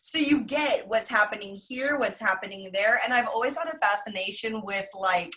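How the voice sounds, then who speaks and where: A woman's voice: medium pitch, animated, moderate pace, sharp tone. A woman co-hosting a movie podcast, enthusiastic and chatty, saying "like" a lot. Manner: enthusiastic, says "like" often. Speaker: podcast co-host. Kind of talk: casual movie chat.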